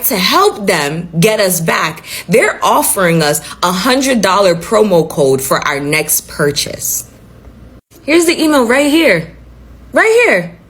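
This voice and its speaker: Husky woman ranting bluntly in a vlog. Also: mid-range voice, a bit bright. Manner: blunt, profane, emphatic, repeats points. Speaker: social media commentator. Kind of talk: casual vlog rant.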